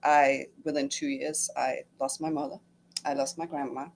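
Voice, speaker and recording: There's slight background noise as a middle-aged woman with a very deep, fry-tinged voice tells of her retreat at normal speed, her pitch barely moving. As a guest, she chats casually and emotionally, using many fillers and acting out what she was thinking.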